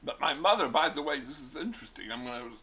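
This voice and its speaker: A man's voice: a little high, lively intonation, fast, lo-fi sound. A male teacher giving a classroom lecture in a wry, digressive way, often stumbling and restarting words.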